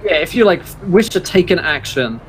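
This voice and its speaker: Game master man narrating with soft music behind. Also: sits high, big pitch swings, normal speed. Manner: casual with many fillers.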